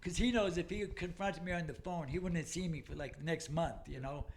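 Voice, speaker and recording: Profane, animated older storyteller man. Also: a little high, a little fast. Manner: profane, animated storyteller who acts out quoted people. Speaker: podcast guest, comedian. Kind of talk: casual storytelling chat.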